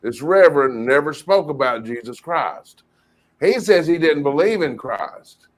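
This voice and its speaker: A man co-hosting a casual talk show, talking haltingly with restarts as he looks things up. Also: on the high side, expressive. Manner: halting, searching aloud, many restarts. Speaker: cartoonist co-host. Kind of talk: casual chat.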